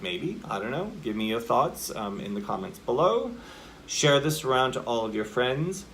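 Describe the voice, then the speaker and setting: A man's voice: medium pitch, sing-song, moderate pace, fairly bright tone. Male acting coach for a casual video lesson: chatty and informal, heavy on filler words, demonstrates line readings himself, with a faint hiss behind him. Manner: chatty, explains by acting out example lines; loose, with many "like" and "you know" fillers.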